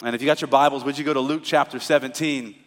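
A pastor preaching a sermon in a conversational style that climbs into emphatic, rising bursts. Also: male voice, medium pitch, fairly even intonation, fast, a bit bright, long reverb tail.

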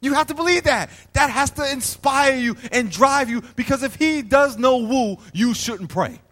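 A man with a very high voice preaches with energy, acting out little scenes and calling out to his congregation. His words ring through a big hall with a long echo that trails behind each phrase. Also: normal speed. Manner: animated preaching, plays out little scenes and asks the crowd to respond. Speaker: pastor. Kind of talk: sermon. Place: church hall.

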